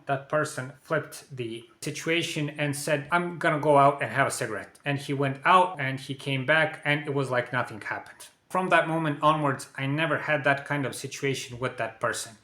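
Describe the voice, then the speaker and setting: A man recounts a personal story in a plain, conversational manner, dropping "you know" as he goes. His voice is bright and sits a little high. The room around him is echoey. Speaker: vlogger.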